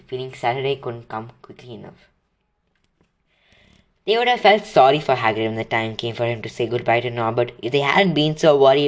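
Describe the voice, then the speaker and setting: A man reading a children's book aloud, casually, with slips and restarts. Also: mid-range voice. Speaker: reader.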